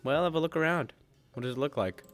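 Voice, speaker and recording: A laid-back friend who has turned traitor voiced by a man. He talks in a casual, offhand way and stays low-key in this comedic audio drama. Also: quick pace, faint music behind, natural voice.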